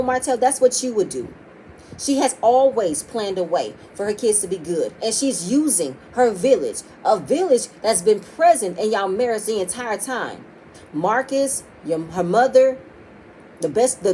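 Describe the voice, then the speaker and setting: A woman's voice: mid-range voice, dark tone, a little hiss or hum, low-quality recording. A woman recapping a reality TV episode, talking bluntly and profanely and acting out what the cast said. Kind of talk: casual opinionated episode recap.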